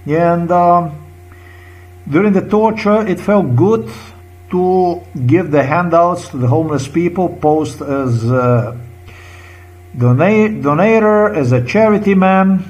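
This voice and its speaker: A Slovenian vlogger in his 50s, whose first language is Slovenian, gives an emotional, insistent personal monologue in English. He speaks haltingly with many fillers and restarts, in a high voice with a darkish tone, on a low-quality recording.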